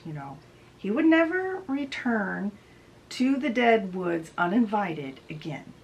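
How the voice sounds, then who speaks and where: Woman, book host, chatty casual retelling, unhurried pace, medium pitch. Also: darkish tone, slight background noise, poor audio.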